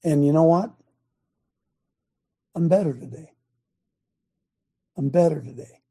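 An older man from Ohio preaching a folksy, blunt sermon, swinging between loud emphatic bursts and quiet asides. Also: on the high side, slow, breathy edge.

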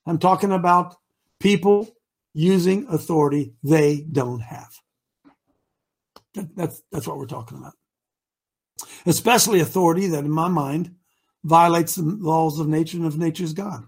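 A man's voice: fairly high pitch, normal speed, creaky, pauses often, slightly rough. A man hosting a live talk show, preachy and rousing, rambling between points. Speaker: host.

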